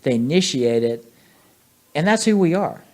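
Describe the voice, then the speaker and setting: A man's voice: on the high side, expressive, moderate pace, a little mellow. A man co-hosting a casual fantasy football podcast, rambling and joking with many fillers. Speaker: podcast co-host. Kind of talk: casual sports chat.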